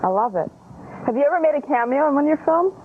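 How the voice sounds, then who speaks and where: A woman's voice: high-pitched, expressive, fast talker. A woman hosting a film show, playful and teasing with her guest and audience. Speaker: host. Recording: tinny lo-fi broadcast sound, faint hiss.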